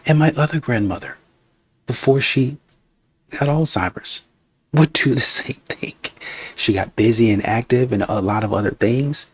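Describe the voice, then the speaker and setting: A man's voice: mid-range voice, expressive, unhurried, husky, no echo. A man hosting a reaction video, giving casual, blunt, scolding commentary.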